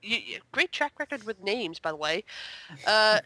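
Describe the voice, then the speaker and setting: A woman chatting casually as a guest on a review podcast, exasperated and full of quick asides. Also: mid-range voice, big pitch swings, sharp tone, no echo.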